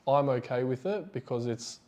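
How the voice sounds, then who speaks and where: A man co-hosting a casual podcast chat, speaking in a relaxed, thoughtful way. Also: mid-range voice, moderate pace. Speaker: podcast co-host.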